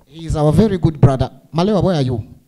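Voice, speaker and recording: A man with a Tanzanian accent and a warm, fast, higher-side voice serves as master of ceremonies, playfully teasing the audience with joking remarks sprinkled with Swahili words.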